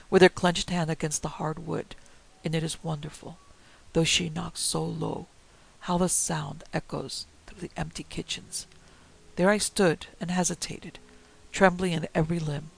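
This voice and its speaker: A man reads a ghost story in a deeply gravelly, husky voice, pitched a little high for a man. His delivery is dramatic and hushed, slipping often into whispers. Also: level tone, moderate pace, low-quality recording. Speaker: narrator.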